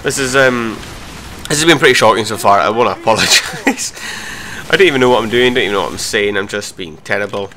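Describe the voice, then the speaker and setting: A young man giving live commentary over his own gameplay, swearing and mocking himself between sudden excited outbursts. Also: on the low side, fast talker. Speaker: gaming commentator.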